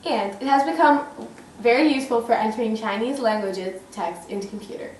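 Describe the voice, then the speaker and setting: Woman presenter reading a pinyin lesson carefully; higher voice, echoey room. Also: a little fast, darkish tone, recorded from a distance, slight background noise. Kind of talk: classroom presentation.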